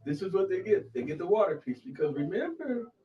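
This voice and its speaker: This former county commissioner, now a political show co-host, speaks briskly in a high register with wide swings in pitch. His casual, blunt, emphatic delivery on the local talk show comes through muffled from a faraway microphone.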